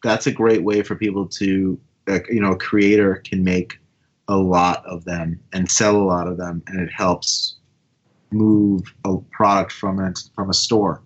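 A man's voice: low-pitched, little pitch movement, unhurried, slightly rough. A man as a podcast guest, talking in a rambling way with lots of fillers. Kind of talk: casual chat. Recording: dull, lo-fi sound.

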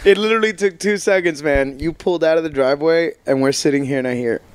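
A man's voice: fairly high pitch, fast, smooth. A man co-hosting a casual podcast, trading sarcastic jokes and banter. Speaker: podcast co-host. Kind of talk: casual chat.

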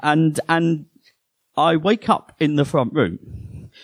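A man performing a first-person horror story live on a theatre stage, halting and often repeating his words. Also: a little high, dry recording.

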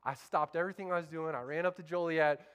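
Pastor, male, higher-pitched voice, fervent call-and-response sermon delivery. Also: steady tone, fast, a bit bright, clean tone.

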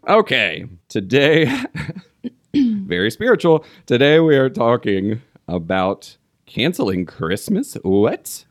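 A man's voice: medium pitch, big pitch swings, slow, dry recording, clean studio sound, soft background music. A man hosting a Christian podcast, running a lyric quiz with playful, mock-stern banter. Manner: teasing, mock-stern quizmaster.

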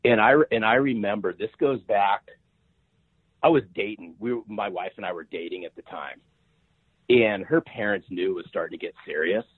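Over a tinny phone-line sound with no echo, a man in his fifties talks at a normal speed in a lowish, slightly rough voice. He's a sales author on a podcast, and his lively interview answers are emphatic, with words repeated and "right?" tossed in often.

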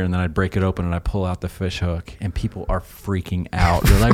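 A man co-hosting a casual faith podcast in a studio, telling a story with animated quoted voices. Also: low-pitched, fast, few pauses. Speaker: podcast co-host.

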